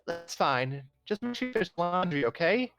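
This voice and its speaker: A man's voice: sits high, sing-song, normal speed, over music, voice pushed up. A man voicing a bossy, huffy young girl in a read-aloud story, nagging and scolding.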